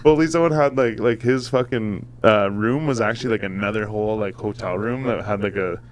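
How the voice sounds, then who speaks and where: A man's voice: on the low side, fairly quick, slight background noise. A man on a podcast telling a long, profane story in a casual chat, acting out the voices of the people in it. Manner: profane, animated, acts out quoted voices. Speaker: podcast host.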